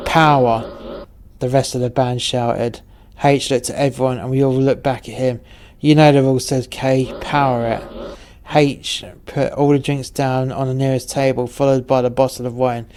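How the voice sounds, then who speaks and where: A male narrator tells a rowdy story in a deadpan, profane style. His pitch sits in an ordinary middle range and stays flat, with little rise or fall.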